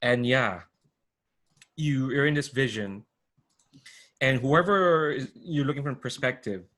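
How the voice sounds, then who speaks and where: A man's voice: mid-range voice, measured pace, fairly bright tone. A man narrating as game master, rambling with many fillers and restarts over a video call.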